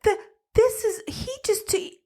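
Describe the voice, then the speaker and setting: A woman's voice: very high voice, measured pace, dark tone. A young adult woman co-hosting a podcast in casual chat, giggly and teasing, with many restarts as she recaps a plot. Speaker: podcast co-host.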